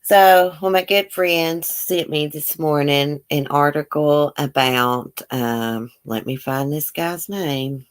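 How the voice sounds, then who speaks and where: A deep-voiced woman speaks slowly with few pauses while hosting a casual YouTube livestream, reading and answering comments from viewers. She has a broad Southern country accent and a folksy drawl, and she's outspoken and blunt, swearing without hesitation.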